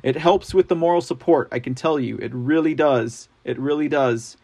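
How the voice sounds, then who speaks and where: A man's voice: mid-range voice, normal speed, vocal fry, a little mellow. A man hosting a live online news show, chatting casually and reading out viewer comments with frequent laughs. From Texas. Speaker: livestream news show host. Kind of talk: casual live-chat talk.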